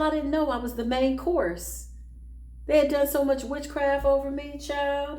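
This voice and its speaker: A woman giving an animated spiritual talk and tarot reading, addressing viewers directly in a slangy, emphatic way. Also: sits high, normal speed, roomy sound.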